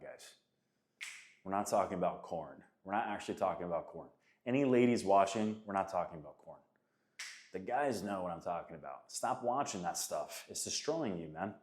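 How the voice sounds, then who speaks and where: Thirties male coach, lowish voice, loose emphatic pep talk straight to camera. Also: darkish tone. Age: 30s. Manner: casual, emphatic, calls listeners guys and man. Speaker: faith and men's coach. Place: Florida.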